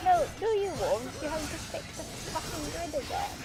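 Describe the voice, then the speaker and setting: A young woman from the UK, chatting casually on voice chat, animated and quick to swear. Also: very high voice. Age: young adult. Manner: animated, swears freely, ranting. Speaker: friend on voice chat. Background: game music.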